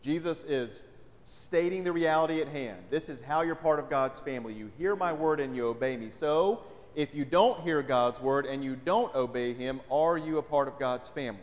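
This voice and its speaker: A pastor from North Carolina, preaching a conversational sermon and often asking "right?". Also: male voice, a little high, normal speed. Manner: conversational, frequent rhetorical "right?". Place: church sanctuary. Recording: long church reverb.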